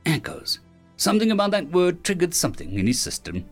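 A man narrating a fantasy web novel audiobook with expressive storytelling. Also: sits high, brisk, soft background music. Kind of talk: scripted narration.

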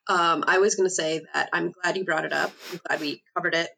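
A woman co-host in casual podcast chat, reassuring and reflective. Her voice sits low with a gravelly fry and a sharp, bright edge. The sound comes over a remote call. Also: steady tone. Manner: reassuring, reflective, quick to laugh.

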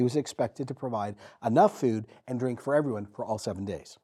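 A man preaching a sermon as pastor, telling the story vividly with dramatic pauses and repetition. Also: medium pitch, animated, husky.

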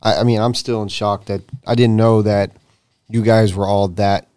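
Low, flat-voiced male podcast host. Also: normal speed, clear, resonant tone, no echo. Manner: brief reactive interjections. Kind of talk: casual interview.

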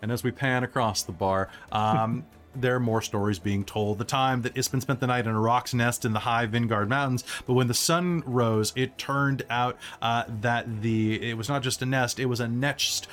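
A man's voice: mid-range voice, fairly even intonation, normal speed, a bit bright, faint music behind. A man narrating a tabletop game as game master, rambling with fillers and self-corrections.

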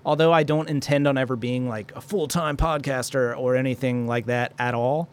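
A young man hosts a solo podcast, rambling and swearing into a studio microphone while he vents and cracks jokes at his own expense. His voice is medium-pitched and steady, at a normal speed, with slight background noise.

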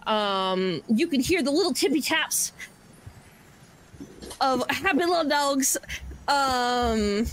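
Woman GM, slightly high voice, chatty, laughs a lot, faint hiss behind. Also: fairly bright tone. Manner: chatty, laughs often, many fillers. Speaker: game master. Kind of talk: narrating a tabletop game.

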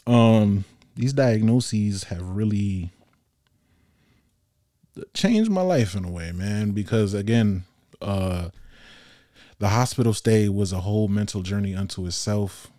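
A man's voice: on the low side, slow, pauses often, dark tone, no room sound, clean studio sound. A young man hosting a solo podcast, telling a personal story in a casual, blunt, slangy way and laughing often. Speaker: podcast host.

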